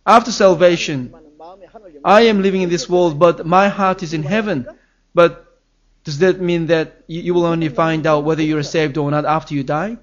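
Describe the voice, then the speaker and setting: A man's voice: on the high side, highs cut off. A man preaching a sermon as pastor, earnest and emphatic, his voice rising on key phrases.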